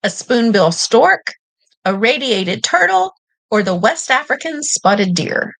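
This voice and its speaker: A woman's voice: fairly high pitch, big pitch swings, slow pace, creaky, a bit bright, no room sound, rough recording. A woman with a Kentucky accent hosting a live trivia game, playful and teasing, laughing often.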